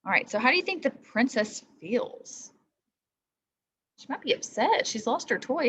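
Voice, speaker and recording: A woman's voice: on the high side, moderate pace, breathy edge. A woman teacher reading a story aloud to children, stopping to ask them questions. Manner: lively, asks the listener questions.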